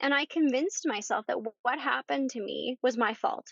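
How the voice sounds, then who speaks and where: A woman, a podcast guest, tells her personal story in conversation, halting and repeating herself as she goes. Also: high-pitched, vocal fry, no room sound. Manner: halting, with many pauses and repeated words. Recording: dull lo-fi dry recording.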